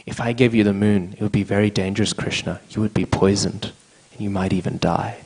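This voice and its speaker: A man voicing a patient mother coaxing her small son in a devotional story, in his own low voice. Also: fairly even intonation, fairly quick, a little mellow, lightly acted, rough recording. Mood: soothing. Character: gentle, clever mother soothing her child.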